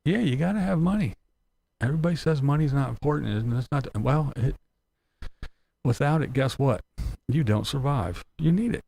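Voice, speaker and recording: A man's voice: medium pitch, animated, normal speed, vocal fry, warm tone, husky, no echo. A man hosting a casual livestream, reading comments aloud and ranting bluntly with profanity and chuckles. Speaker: livestream host.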